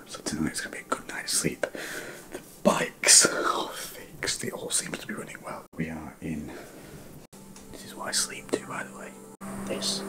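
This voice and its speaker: A man whispering a tired, hushed late-night vlog from a farmhouse bedroom. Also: extremely low pitch. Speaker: motorbike travel vlogger.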